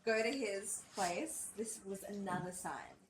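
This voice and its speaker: A woman's voice: medium pitch, measured pace, crowd noise, rough recording. A young woman from Australia co-hosting a podcast, telling a story in casual chat, swearing often and acting out quotes. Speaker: podcast co-host.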